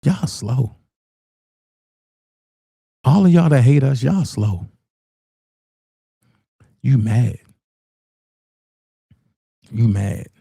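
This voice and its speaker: A man's voice: medium pitch, lively intonation, extremely slow, creaky, pauses often, warm tone, husky, no echo, studio quality. A man hosting a live call-in stream, talking in a brash, taunting, profane way. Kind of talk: casual live call-in talk.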